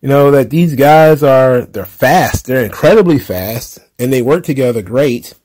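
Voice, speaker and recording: Guy doing a wrestling recap, mid-pitched, laughs a lot, kinda sarcastic, ums and uhs everywhere. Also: measured pace, a little mellow. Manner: laughs often, sarcastic asides, lots of fillers. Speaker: wrestling commentary podcaster. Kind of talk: casual recap commentary.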